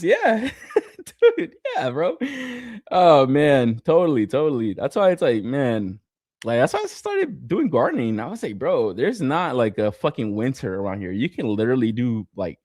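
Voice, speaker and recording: A young man from Southern California chatting casually as a podcast co-host, swearing a lot and laughing through animated stories. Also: mid-range voice, no echo, clean studio sound. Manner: profane, laughing, animated storytelling. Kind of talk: casual chat.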